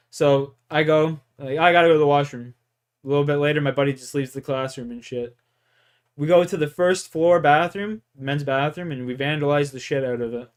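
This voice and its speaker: A man's voice: fairly high pitch, clean tone. Profane young man telling stories. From Canada. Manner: profane, rambling, laughing. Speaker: gaming streamer. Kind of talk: casual storytelling.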